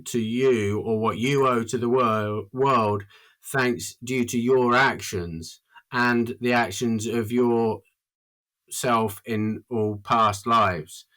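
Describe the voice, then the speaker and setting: A man's voice: mid-range voice, fairly bright tone. A man talking casually as a podcast guest, rambling and earnest, with lots of fillers. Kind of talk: casual chat.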